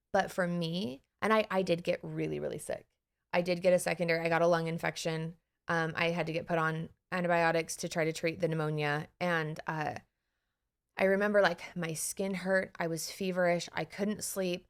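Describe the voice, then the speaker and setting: A woman co-hosting a podcast as an anxiety coach, telling a personal story in a casual, animated way, laughing and acting out her own inner voices. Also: on the low side.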